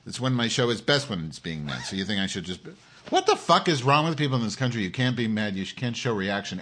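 A man's voice: lowish voice, sing-song, fast, fairly bright tone. Profane, ranting male live-streamer. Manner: profane, sarcastic, combative with viewers.

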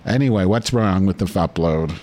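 The host of this podcast speaks low, mellow, and at a moderate pace, yet his talk is relentlessly profane. He abrasively taunts a caller with crude, mock insults during the call-in conversation.

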